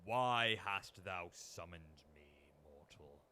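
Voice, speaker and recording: A man's voice: low-pitched, animated, slow pace, pushed and bright, heavily acted. A man voicing an evil male demon in a grand, archaic, theatrical manner. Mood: menacing. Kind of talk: voice acting takes for a game.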